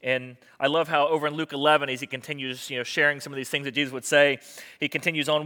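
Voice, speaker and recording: A man preaching a sermon as a pastor, in a conversational style that swings from hushed asides to emphatic declarations. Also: fairly high pitch, flat delivery, fast talker, clean tone.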